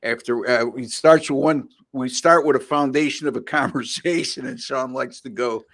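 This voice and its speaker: Male podcast host, mid-pitched, wry chatty banter between picks. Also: moderate pace, gravelly, fairly bright tone. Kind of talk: casual sports podcast chat.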